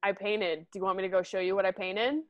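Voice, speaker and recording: A woman in her twenties in casual chat with a friend, relaxed and swearing casually. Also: mid-range voice, fast talker, lo-fi sound.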